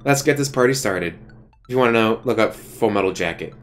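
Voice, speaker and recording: Man streamer, low voice, casual game read-through, faint music behind. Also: lively intonation. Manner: casual, reads every part, quick asides. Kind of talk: reading a visual novel aloud with asides.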